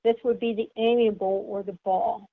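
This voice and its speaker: A woman's voice: medium pitch, steady tone, normal speed. A woman giving an instructional sales seminar, explaining step by step and putting questions to her listeners. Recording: tinny phone-like sound.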